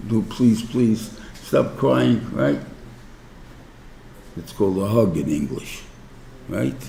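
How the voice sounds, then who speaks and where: A New rabbi giving an informal class, talking conversationally, often checking in with "right?" and using everyday examples. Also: male voice, low voice, creaky, dark tone, echoey room, a little hiss or hum. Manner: explains through everyday examples. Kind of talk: informal Torah class lecture.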